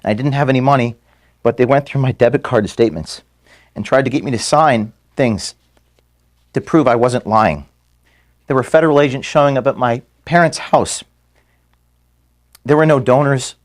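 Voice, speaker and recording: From an office, a tearful man haltingly bids his staff farewell, saying some words twice and apologizing for how emotional he is. His voice falls in the middle range.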